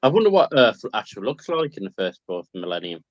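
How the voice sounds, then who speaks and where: A man's voice: on the low side, very animated, quick pace, no room sound, highs cut off. A man chatting casually while painting models, wondering aloud and giving short, easygoing replies.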